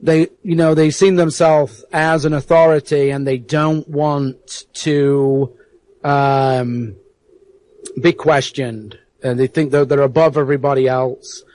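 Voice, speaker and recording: An English-born man with a Yorkshire accent softened by years in America, a podcast guest talking earnestly with many fillers. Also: on the high side, steady tone, takes it slowly, rough recording. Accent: Yorkshire mixed with American. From England. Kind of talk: casual interview.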